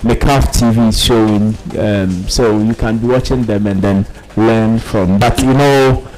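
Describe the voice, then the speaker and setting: A middle-aged man calling out words and giving feedback at a spelling contest, speaking slowly with many ums. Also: lowish voice, fairly even intonation, a little mellow, poor audio. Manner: hesitant speech with many ums. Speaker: spelling contest pronouncer and judge. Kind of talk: reading out words, then closing remarks.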